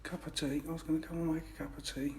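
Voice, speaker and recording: A man's voice: a little high, little pitch movement, fast talker, a little hiss or hum. A man with an English accent, chatting casually on a live stream outdoors by a fishing lake. He rambles and interrupts himself. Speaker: fishery owner streaming live.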